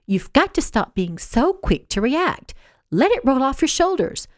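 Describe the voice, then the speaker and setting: A stern, motherly older woman, as a female reader acts her out, firm and authoritative like a strict hostess. Her voice moves a lot in pitch, and the recording is dry. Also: big pitch swings, measured pace, no echo. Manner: commanding, firm.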